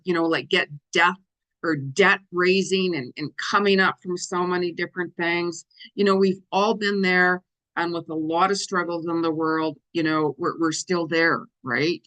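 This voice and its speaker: A middle-aged woman psychic talks to her livestream viewers in an easy, rambling way. She fills her speech with "like" and "you know". Her pitch sits in the middle range for a woman. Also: a bit bright, rough recording. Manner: chatty, rambling, many fillers like "like" and "you know"; acts out her own exclamations in a raised voice. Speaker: psychic reader hosting a live stream. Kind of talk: casual livestream talk.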